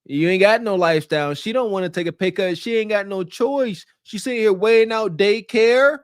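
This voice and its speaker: A man's voice: high-pitched, a little fast, clean tone, dry recording, clean studio sound. A man co-hosting a podcast, giving blunt, mocking dating commentary. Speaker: podcast co-host. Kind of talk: casual commentary.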